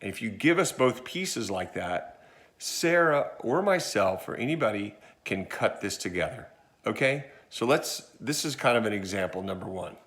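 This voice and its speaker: A man's voice: on the low side, animated, normal speed, a bit bright. Chatty man giving phone-filming tips. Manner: chatty, demonstrates as he goes. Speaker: church video instructor. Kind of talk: casual how-to tutorial. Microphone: phone about a foot away.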